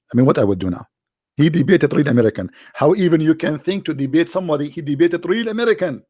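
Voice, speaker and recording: A man's voice: fairly high pitch, lively intonation, fast, warm tone, dry recording, clean studio sound. A man from the Arab world with an Arabic accent, hosting a casual commentary in a mocking, sarcastic manner. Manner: mocking, sarcastic, jumps into voices. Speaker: host.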